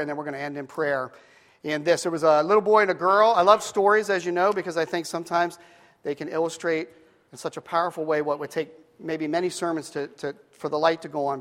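High-voiced pastor telling a story. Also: male voice, long reverb tail. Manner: animated storyteller, acting out voices, drops to hushed tones for quotes. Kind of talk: sermon with storytelling.

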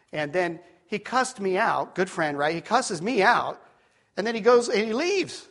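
A man's voice: sits high, sing-song, a little slow. A middle-aged man preaching, telling a personal story with many asides and restarts. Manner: rambling storyteller, drops to quiet tones for serious moments.

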